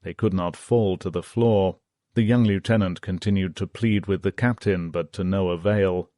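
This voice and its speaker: Low-voiced man reading an audiobook. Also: steady tone, moderate pace, dark tone, no room sound, studio quality. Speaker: audiobook narrator. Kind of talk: audiobook narration.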